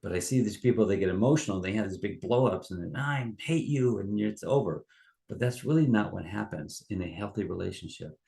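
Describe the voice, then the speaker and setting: A man's voice: sits low, fast, vocal fry, warm tone. A middle-aged male life coach talking in a loose, rambling way, full of fillers and restarts. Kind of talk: casual monologue.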